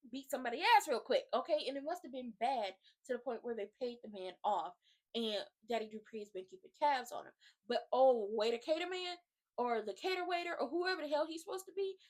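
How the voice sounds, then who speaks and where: High-voiced woman ranting a show recap. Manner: animated, slangy, talks straight to viewers. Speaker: YouTube host recapping a TV drama.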